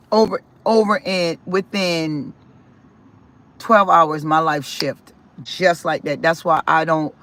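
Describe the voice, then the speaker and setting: A man vlogging casually about his life, rambling with restarts and repeated words, and swinging in loudness and pitch as he talks. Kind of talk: casual personal storytelling.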